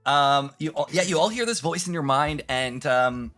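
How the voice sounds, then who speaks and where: A man narrating a tabletop game as game master, hesitant with many pauses. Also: a little high, over loud music. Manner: hesitant, many ums and restarts.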